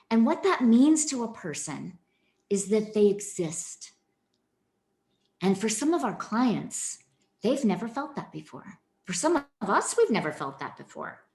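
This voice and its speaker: A woman giving a keynote training presentation, speaking directly and animatedly to her audience. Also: a little high. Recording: echoey room.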